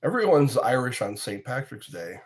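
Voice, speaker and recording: Chatting casually with people watching his livestream, this medium-pitched man speaks at a normal speed with big swings in pitch. He wanders from topic to topic, reads out viewer comments, and keeps laughing at his own jokes.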